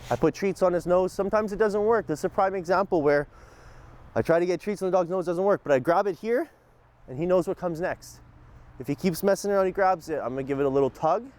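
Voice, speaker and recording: With a voice that sits high and a fast delivery, a man casually explains dog training outdoors during a walk with his dog. He shifts between upbeat and calm and gives short commands.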